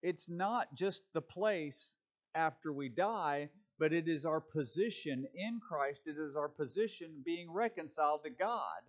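A man with a slightly raised pitch preaches in an easygoing, conversational way. He takes his time, stopping on "um" and restarting his sentences as if chatting with the congregation. The delivery is folksy and unhurried. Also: animated. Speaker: pastor. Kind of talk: conversational sermon.

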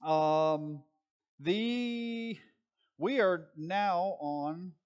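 A man preaches to his congregation in a slightly higher-than-usual voice. He keeps posing questions and answering them himself, and slips in dry, joking asides between his points. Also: very slow, smooth, highs cut off. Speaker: pastor. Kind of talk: sermon.

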